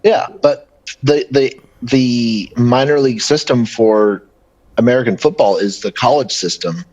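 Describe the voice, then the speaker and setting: A man's voice: mid-range voice, animated, unhurried, a little mellow, low-quality recording. A man on a podcast in casual chat, explaining and arguing a point.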